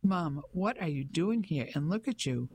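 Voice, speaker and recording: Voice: mid-range voice, lively intonation, moderate pace, a little mellow, slightly rough, no room sound. An audiobook narrator voicing a young English soldier home on leave, earnest and critical toward his mother. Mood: puzzled. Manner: critical, puzzled.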